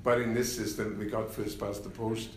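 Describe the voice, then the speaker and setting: An older man, a former party leader, telling anecdotes in an unhurried interview, with many fillers and wry laughs. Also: lowish voice, little pitch movement, echoey room, slight background noise. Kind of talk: reflective interview conversation.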